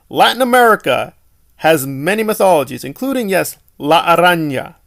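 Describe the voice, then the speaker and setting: A male film reviewer talking in a casual, exasperated and sarcastic way, firing off rhetorical questions. His voice sits a bit high for a man and carries a strong gravelly fry. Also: very animated, moderate pace, a bit bright.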